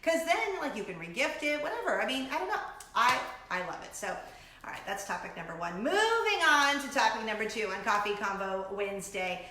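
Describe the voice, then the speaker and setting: A middle-aged woman hosting a casual chat show, talking in a bubbly, gushing way with excited asides. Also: on the high side, fairly quick, echoey room. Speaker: host.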